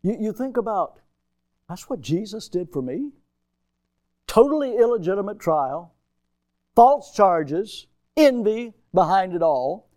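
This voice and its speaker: A male pastor delivers an emphatic sermon at an unhurried pace, his voice rising loud and dropping low as he calls out to the congregation. His tone is mellow and a little higher than most men's. The sound is close and dry. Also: very animated, no echo. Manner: emphatic preaching with sharp swings in loudness.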